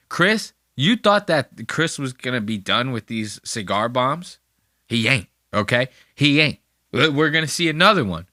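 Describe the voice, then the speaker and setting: A man's voice: sharp tone, no room sound, studio quality. A man hosting a podcast, mocking and crude as he comments on clips in casual profane talk. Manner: mocking, crude, bursts into high-pitched impressions. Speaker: podcast host.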